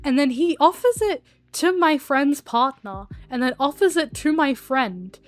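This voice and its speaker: A woman's voice: high-pitched, animated, measured pace, dry recording. A woman streamer telling a story casually while she draws, rambling with lots of fillers and swearing.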